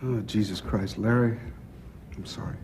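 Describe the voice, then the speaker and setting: An actor playing a gruff older male crime boss who talks bluntly, with profanity and dry teasing. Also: on the low side, steady tone, moderate pace, background noise, natural voice. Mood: bantering. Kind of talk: film drama acting.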